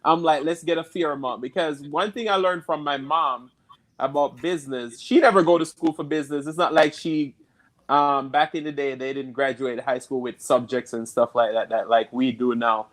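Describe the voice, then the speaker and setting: A man from Jamaica with a Jamaican accent, telling stories in a relaxed interview chat and laughing easily. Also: mid-range voice, normal speed. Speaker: guest.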